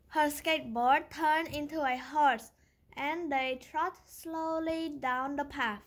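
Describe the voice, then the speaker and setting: Slow, high-voiced woman reading aloud. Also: fairly even intonation. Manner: slow, careful reading with small slips. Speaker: storyteller on her channel. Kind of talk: children's picture book read-aloud.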